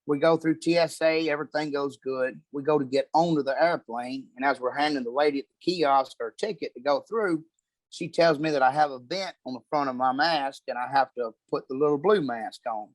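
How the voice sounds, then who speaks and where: A man's voice: a little high, brisk, no echo. Profane man telling road stories. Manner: profane, rambling anecdotes. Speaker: comedian, podcast guest. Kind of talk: casual storytelling chat.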